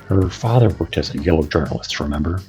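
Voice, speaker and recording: An actor playing a calm male guide character who explains things in a brisk, matter-of-fact way. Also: a bass voice, soft background music.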